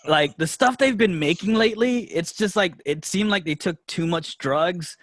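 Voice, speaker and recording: A man's voice: sits high, moderate pace, fairly bright tone, no room sound. A man co-hosting a casual podcast chat, laid-back, full of "dude" and "like", laughing easily. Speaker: podcast co-host.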